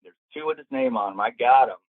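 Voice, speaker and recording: A man's voice: medium pitch, fast talker. An older man, a golf professional, telling a story as an interview guest, acting out the lines of the people in it. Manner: lively, acts out quoted lines in the story. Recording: tinny dry phone-like line.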